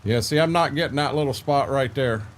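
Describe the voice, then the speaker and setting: Speaking at a medium pitch and a little fast, this older man chats with his viewers while playing a farming game. He rambles easily, says words twice, and plugs pauses with "uh".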